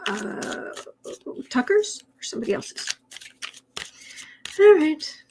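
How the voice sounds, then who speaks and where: A woman's voice: high voice, sing-song, slow pace, a little hiss or hum, poor audio. A woman hosting a tarot and astrology livestream, chatting casually and reading out viewer comments with rambling restarts. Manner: chatty, rambling, with frequent restarts and soft laughs.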